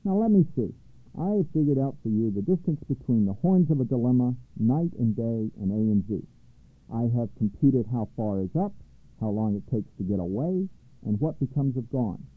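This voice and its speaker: A man's voice: medium pitch, lively intonation, normal speed, no echo, natural voice. A man voicing a fussy, self-important court mathematician who lectures in a precise, long-winded way, over a tinny line. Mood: pompous. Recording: tinny phone-like line, dry.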